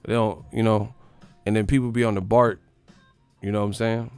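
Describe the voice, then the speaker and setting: A man from the Bay Area hosting a sports live stream, ranting in a profane, animated, comedic way and laughing often. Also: on the low side, moderate pace, clean tone, dry recording, faint music behind. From San Francisco Bay Area.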